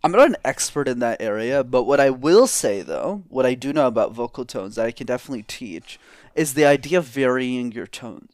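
In studio-quality, dry audio, a fairly quick, medium-pitched male voice speaks as an interview guest. He coaches on public speaking, animatedly shifting his tone up and down as he demonstrates vocal tones, keeping the exchange energetic.

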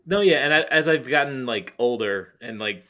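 Co-host, man, rambling chat with lots of fillers, bright sharp tone. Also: medium pitch, animated, normal speed. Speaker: podcast co-host. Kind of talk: casual chat.

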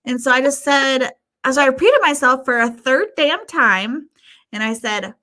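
A high-voiced woman at a measured pace narrates a story on the podcast she co-hosts. It's casual talk, colored by frequent swearing and lively reenactments of what people said.

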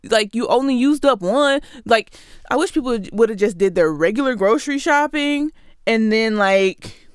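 A woman's voice: fairly high pitch, lively intonation, normal speed, clean tone, no echo, clean studio sound. A woman hosting a show, delivering a sarcastic, exasperated comedic rant straight to her listeners. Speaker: podcast host.

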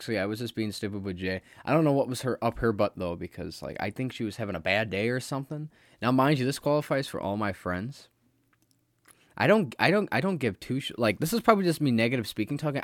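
A young man talks alone on his podcast, rambling and blunt and swearing often. His voice sits at an ordinary middle pitch. The recording is dry and close, with no room sound. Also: no room sound. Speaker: podcast host. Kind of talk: casual solo podcast monologue.

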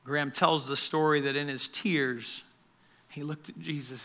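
A man's voice: on the high side, fairly even intonation, measured pace, pushed and bright. A male pastor preaching a sermon, telling a story in an earnest way and addressing the church directly.

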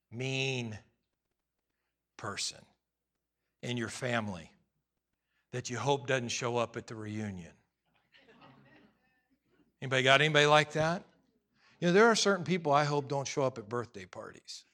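A man's voice: medium pitch, lively intonation, a little slow, long pauses, a bit bright. A male pastor preaching a sermon to his congregation, conversational and humorous, acting out little scenes.

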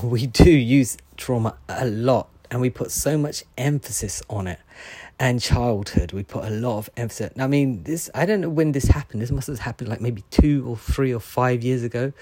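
A man giving a daily oracle card reading. He reads the card text aloud slowly, then comments in a loose, chatty way with frequent ums and asides. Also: medium pitch, warm tone, slightly rough, dry recording.

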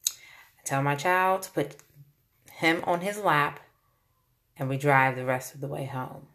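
A young adult woman, a mother, telling a personal story in a casual, animated way and acting out the voices she quotes. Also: sits low, a little slow.

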